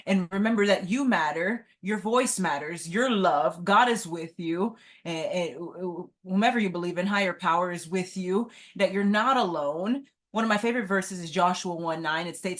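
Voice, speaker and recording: A woman's voice: lowish voice, moderate pace, hardly any pauses. Earnest woman podcast guest. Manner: earnest, often adds "right?". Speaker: guest, entrepreneur. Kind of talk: casual interview talk.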